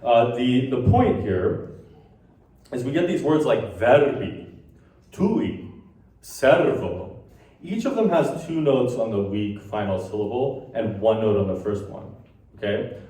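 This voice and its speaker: A man's voice: mid-range voice, animated, unhurried, warm tone. A man giving a conference lecture, explaining ideas and now and then tapping out rhythms in sung syllables. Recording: echoey hall from far off.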